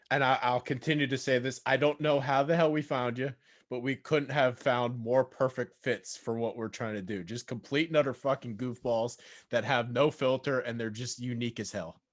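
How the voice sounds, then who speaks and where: A man's voice: mid-range voice, normal speed. An upbeat man hosts a casual podcast in an ordinary mid-range voice. He talks loosely and swears now and then. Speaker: podcast host.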